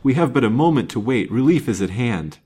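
A man voicing an earnest young gentleman of an old romance, raising his voice above his own to sound eager and anxious. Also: mid-range voice, lively intonation, fairly quick, husky, voice pushed up.

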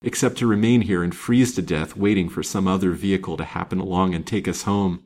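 A man voicing a sharp-tongued, jealous lady in an old romance, speaking in a cold, clipped way. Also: low-pitched, brisk. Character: cool, haughty widow, sharp-tongued and jealous.

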